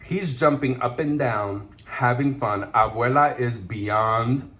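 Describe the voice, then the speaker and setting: A male mukbang vlogger eats on camera while telling a story, chatty and laughing, with Spanish words mixed in. His mid-range voice is a bit bright, and he takes his time.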